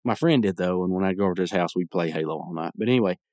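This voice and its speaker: A young man hosts a podcast, rambling through a casual solo recap of a cartoon episode and chuckling as he acts out lines. His voice is low, a little mellow, and very fast. The recording is clean studio sound with no echo.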